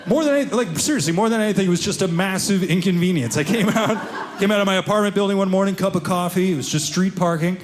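A man performing a stand-up comedy routine, telling stories with animated delivery and acting out other people's voices. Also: sits high, quick pace, a little hiss or hum. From Seattle area.

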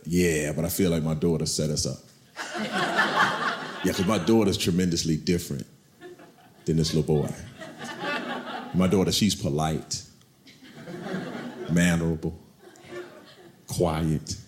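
A middle-aged man doing stand-up, telling animated stories about his kids and acting them out in high voices. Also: a little slow, long pauses. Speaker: stand-up comedian. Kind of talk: stand-up comedy routine. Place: comedy club stage. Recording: echoey club with loud crowd noise.

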